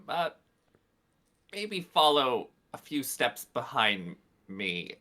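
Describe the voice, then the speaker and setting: A woman player speaking in character in a tabletop game. Her voice sits very low but swings widely in pitch. She talks slowly and haltingly, full of fillers. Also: sing-song, fairly bright tone. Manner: halting, hesitant, with many fillers.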